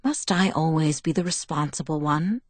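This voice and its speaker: A woman reading a calm, gentle young man. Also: deep voice, dry recording. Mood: soft. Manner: soft, measured and reassuring. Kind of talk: audiobook dialogue reading.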